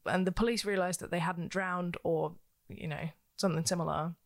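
A woman's voice: lowish voice, fairly even intonation, moderate pace. A woman co-hosting a podcast, telling a true-crime case in a casual, chatty way with frequent ums and likes. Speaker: podcast co-host.

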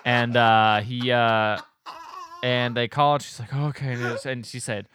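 A man's voice: mid-range voice, little pitch movement, measured pace, fairly bright tone, smooth, no room sound. A man co-hosting a podcast, casually retelling a movie plot and acting out the characters' lines. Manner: rambling storyteller who acts out lines. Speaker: podcast co-host. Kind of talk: casual chat, recapping a movie.

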